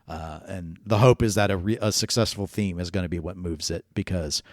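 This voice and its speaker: A man's voice: low-pitched, a little fast, no room sound, studio quality. A man co-hosting a casual podcast chat, opinionated and analytical, thinking aloud with restarts. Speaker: podcast co-host.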